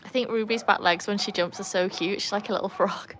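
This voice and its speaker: A woman's voice: fairly even intonation, fairly quick. Give me a chatty woman on a phone livestream outdoors, with faint background noise and a dog nearby. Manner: chatty, switches to high sing-song praise for her dog. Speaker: livestream host and dog owner. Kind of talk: casual live chat. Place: outdoors by a backyard pool.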